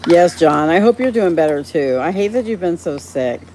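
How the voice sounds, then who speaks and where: A woman's voice: lowish voice, animated, moderate pace, dark tone, slight background noise. Chatty woman hosting a dog livestream. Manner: chatty, greets viewers by name, laughs often. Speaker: livestream host reading viewer chat. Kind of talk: casual live-stream chat.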